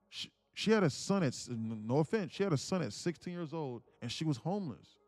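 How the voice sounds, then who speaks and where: A young man livestreaming, telling a family story in a blunt, animated rant and saying "bro" constantly. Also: a little high, moderate pace, dry recording, soft background music. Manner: blunt, repeats "bro" constantly, grows louder and more insistent. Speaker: livestream day trader.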